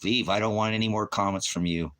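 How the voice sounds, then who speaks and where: A man's voice: lowish voice, steady tone, quick pace. A man preaching on a livestream, profane and combative, berating commenters and repeating himself. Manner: repetitive, shifting between shouting and muttering. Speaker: online preacher. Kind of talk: livestream rant at chat.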